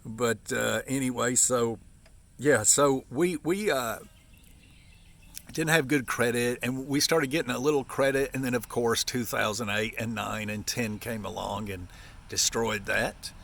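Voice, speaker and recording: Aggravated gravelly man ranting folksy. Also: steady tone, unhurried, a bit bright. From Appalachia. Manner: aggravated, repetitive, folksy, with sudden high exclamations. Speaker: vlogger. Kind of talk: ranting to camera.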